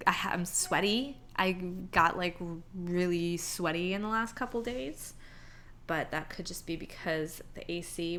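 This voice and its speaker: A woman's voice: lowish voice, fairly bright tone, slight background noise. A young woman chatting casually in a pregnancy vlog, full of "like" fillers, now and then acting out her own reactions. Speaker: vlogger.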